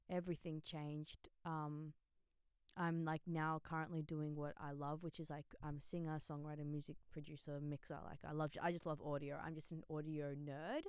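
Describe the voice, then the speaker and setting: A young woman speaks in a casual vlog, open and chatty, and fills her talk with "like". Her voice is low and strikingly smooth. The sound is dry and close, with no room echo. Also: darkish tone. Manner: chatty and candid, many "like" fillers, laughs easily. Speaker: vlogger sharing her faith story. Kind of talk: casual spoken testimony.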